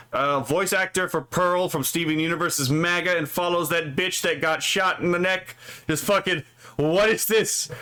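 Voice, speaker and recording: A man's voice: on the high side, bright, forceful tone. A man streaming casually, reading posts aloud and mocking them with profane, sarcastic asides, often tacking on "right?". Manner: frequent filler "right?". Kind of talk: casual live stream commentary.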